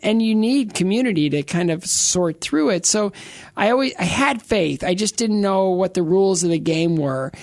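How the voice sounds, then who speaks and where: Rambling middle-aged man with gravelly voice. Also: high-pitched, lively intonation, moderate pace, no echo, studio quality. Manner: rambling, restarts sentences, joking asides. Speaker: interview guest. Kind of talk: casual interview, personal testimony.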